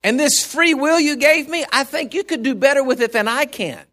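A man's voice: very high voice, normal speed, pushed and bright. A male preacher giving a sermon in an emphatic, conversational way.

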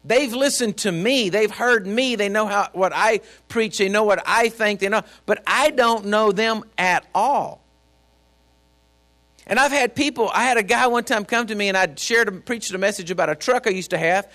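A man's voice: high voice, moderate pace, sharp tone. A man preaching a sermon as a pastor, folksy and storytelling, speaking directly to his congregation. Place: church.

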